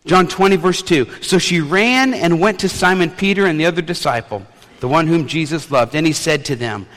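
A man's voice: fairly high pitch, normal speed, fairly bright tone, big-room sound. A man preaching a sermon, retelling a scripture story with playful asides. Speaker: pastor.

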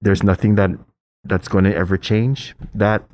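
A middle-aged man telling a personal story in casual chat, hesitant with restarts, then animated as he acts out voices. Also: moderate pace. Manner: animated storyteller, acts out quoted voices with high pitch jumps; hesitant, many restarts and fillers.

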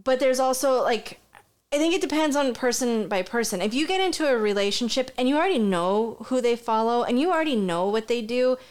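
A woman's voice: a little high, expressive, a little fast, smooth. A woman and mother co-hosting a podcast, chatting casually and telling stories frankly with frequent swearing. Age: adult parent. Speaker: podcast co-host. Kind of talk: casual chat.

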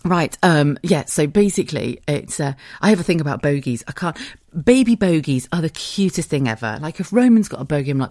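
A woman's voice: deep voice, lively intonation, brisk, a little mellow, no echo, clean studio sound. A woman hosting a podcast in casual solo chat, candid and laughing often, swearing freely. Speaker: podcast host.

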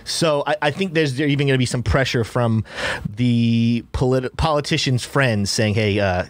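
A man's voice: mid-range voice, normal speed, dry recording. A man co-hosting a casual crypto livestream, reading viewer comments and giving earnest opinions.

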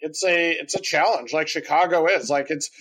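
A man with a slightly high voice on a business podcast, rambling through his points with many "like"s and "you know"s. He speaks casually and explains things at length. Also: moderate pace, fairly bright tone, husky, poor audio. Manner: rambling, filler-heavy, explaining. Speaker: podcast co-host, marketing agency owner.

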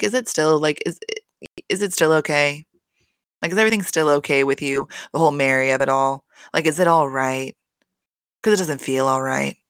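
A man's voice: on the high side, pushed and bright, no room sound, clean studio sound. A man giving a casual recap of a reality show, blunt and profane, exasperated, and laughing often.

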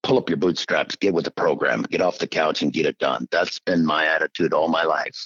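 A middle-aged man from Iowa telling his story as an interview guest in a folksy, animated way. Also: rumbling low, fairly quick, husky, no echo, highs cut off. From Iowa, USA. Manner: animated, folksy, acts out quoted voices. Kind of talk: casual storytelling.

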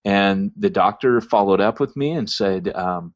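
A man's voice: fairly low pitch, normal speed, no room sound. A man hosting a podcast, telling a long church story in a rambling, casual way with many ums and restarts. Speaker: podcast host. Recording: dry, dull lo-fi sound.

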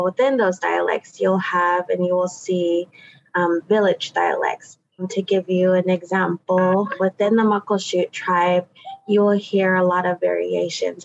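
A woman from the Pacific Northwest speaking as a guest language teacher, telling her story in a relaxed, casual way full of "you know" and "um". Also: lowish voice. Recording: slightly dull lo-fi audio.

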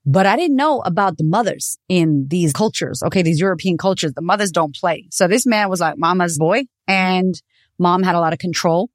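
A woman podcast host with a lower voice tells her own story in a candid, animated way. Her speech is close to the mic with a dry sound and no room echo. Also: normal speed. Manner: candid, animated, swears freely. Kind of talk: personal storytelling monologue.

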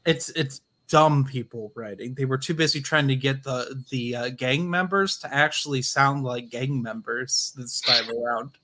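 A man co-hosting a casual film review chat, blunt and quick to call scenes dumb. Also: medium pitch, sharp tone, a little hiss or hum. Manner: blunt, dismissive quips. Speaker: podcast co-host.

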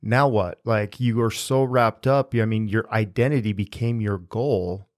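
A man's voice: fairly low pitch, unhurried, no echo, studio quality. A man hosting a podcast, encouraging his guest and prompting him to tell more. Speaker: podcast host and coach. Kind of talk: casual interview chat.

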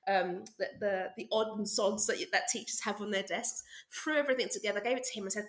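A woman teacher telling stories in an interview, lively and quick to act out what she said back then. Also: medium pitch, reverberant. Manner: lively, acts out her own past remarks with bursts of excitement. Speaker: art teacher and interview guest. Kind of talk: animated storytelling in an interview.

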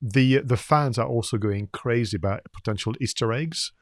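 A man's voice: medium pitch, moderate pace, no echo, studio quality. A man co-hosting a podcast, chatting casually about film marketing with frequent fillers and restarts. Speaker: podcast co-host.

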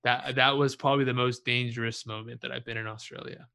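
Bright-voiced young man telling a story casually. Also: medium pitch, fast talker, vocal fry, clean tone. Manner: relaxed, swears freely, laughs at his own story.

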